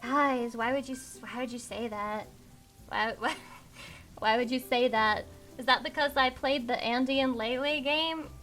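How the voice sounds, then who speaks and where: A woman's voice: fairly high pitch, a little slow, a bit bright, soft background music. A young adult woman streaming live, bantering with chat in a brash, swearing way. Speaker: VTuber streamer.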